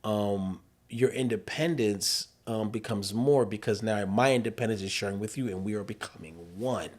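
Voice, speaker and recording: A man's voice: on the low side, normal speed. A man co-hosting a podcast, chatting casually and earnestly about marriage and faith, with an emphatic, slightly preachy manner. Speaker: podcast co-host.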